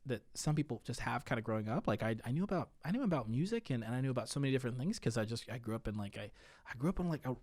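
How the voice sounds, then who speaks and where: A man in his thirties, a podcast guest, talking in a hesitant, halting way with many restarts. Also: medium pitch, darkish tone, no room sound, clean studio sound. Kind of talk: casual conversation.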